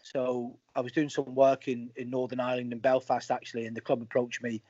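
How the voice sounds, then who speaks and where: A man's voice: mid-range voice, fairly quick, husky, no room sound. A man, a former footballer, being interviewed and telling anecdotes in a casual way, acting out the lines of the people in his stories. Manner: animated storyteller acting out quoted dialogue. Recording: slightly muffled, dry audio.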